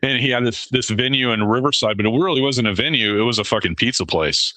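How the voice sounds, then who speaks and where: 50s guy on a podcast, sharp forceful voice, keeps restarting his sentences, dead dry sound. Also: mid-range voice, dry recording. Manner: halting, repeats words, profane. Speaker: podcast co-host. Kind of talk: casual podcast chat.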